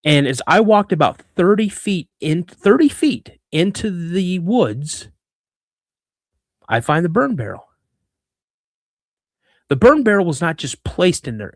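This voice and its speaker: A fifties man from Washington State tells a story from his youth to a podcast host, acting out the voices as he goes. His voice sits a bit high for a man. He restarts his sentences often, and the recording is dry and close. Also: no echo. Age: 50s. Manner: repeats words and restarts mid-sentence. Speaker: guest, cryptid researcher. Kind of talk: personal storytelling in a podcast interview.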